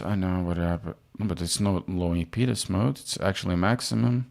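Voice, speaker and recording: A man's voice: low voice, normal speed, vocal fry, darkish tone. A man streaming a racing sim, chatting casually with his viewers, often cutting himself off mid-sentence. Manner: fidgety, self-interrupting, talks to chat while fixing audio. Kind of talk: casual live stream chat while driving.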